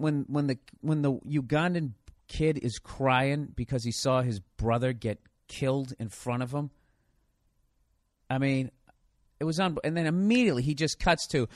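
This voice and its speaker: A man's voice: medium pitch, a bit bright, no echo, clean studio sound. A man hosting a solo podcast, rambling in a sarcastic, profanity-heavy rant. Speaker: podcast host.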